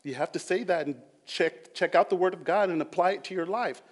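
A man preaching a sermon with earnest swings between loud emphasis and quiet passages, acting out quoted voices. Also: high-pitched, fairly quick. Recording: long hall reverb.

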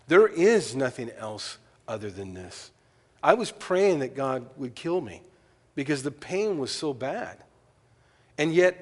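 Pastor preaching in a reverberant hall. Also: male voice, on the high side. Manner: storytelling, animated asides and quoted voices. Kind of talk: sermon.

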